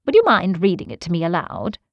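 A woman's voice: lowish voice, wildly swooping pitch, fairly quick, vocal fry, no room sound, lo-fi sound, full character voice. A woman voicing Sherlock Holmes, an aloof Victorian detective, in a cool, offhand, lecturing manner.

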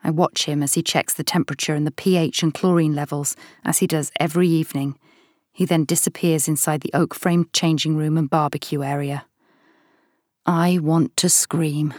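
A middle-aged woman reads a first-person audiobook in a measured, weary way. Her voice sits low, and the recording is close and dry with no room sound. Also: steady tone, a little mellow, no room sound. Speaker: audiobook narrator.

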